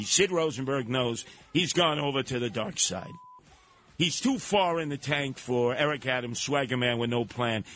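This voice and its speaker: A man hosting a radio talk show, delivering a sarcastic, animated monologue. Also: medium pitch. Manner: sarcastic, animated, mocking put-on voices.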